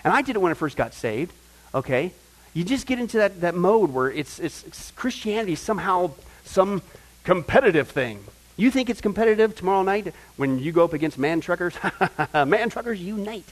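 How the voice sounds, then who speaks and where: A man preaching a sermon to a group, animated, often asking his listeners questions and acting out the people he quotes. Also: high voice, fairly quick, poor audio. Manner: animated, acts out quoted voices, asks the audience questions. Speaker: pastor teaching a Bible study.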